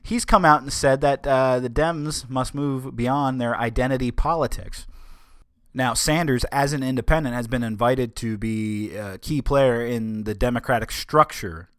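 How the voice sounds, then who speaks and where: A man's voice: medium pitch, a little slow, fairly bright tone, dry recording, studio quality. A man hosting a solo podcast in a casual monologue, rambling, stumbling over his words and making wry asides. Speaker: podcast host.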